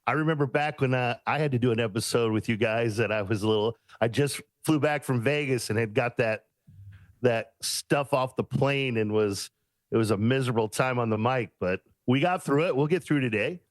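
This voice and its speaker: A man's voice: mid-range voice, normal speed, no room sound. Laid-back man co-host. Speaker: podcast co-host. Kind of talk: relaxed casual chat.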